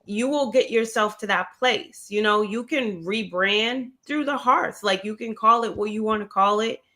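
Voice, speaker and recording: A woman hosting a livestream interview, speaking directly and encouragingly to her guest in a measured way. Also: medium pitch, sharp tone. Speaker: host.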